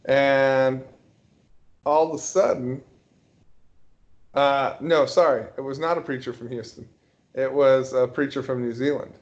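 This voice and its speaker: Casual male storyteller, mid pitch, halting delivery, muffled recording. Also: steady tone. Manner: halting, hesitant storytelling with many restarts. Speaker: guest telling a story. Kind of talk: casual podcast chat.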